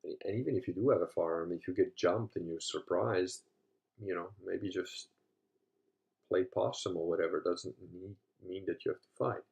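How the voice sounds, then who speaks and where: A man in his fifties, from Africa, telling stories in a casual monologue, swearing freely and swinging between low muttering and loud, animated retelling. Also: normal speed, gravelly. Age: 50s. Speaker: host.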